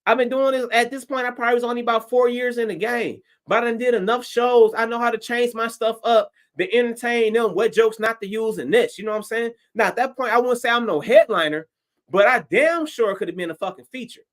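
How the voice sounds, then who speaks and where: A man from Detroit, a stand-up comedian, telling a story on a livestream in a profane, animated way and acting out his own reactions. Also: very high voice, a little fast.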